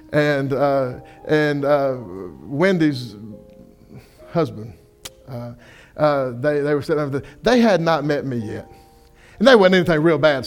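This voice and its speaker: A young man, a pastor delivering a sermon in a folksy storytelling way, acting out the people he quotes. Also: mid-range voice. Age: young adult.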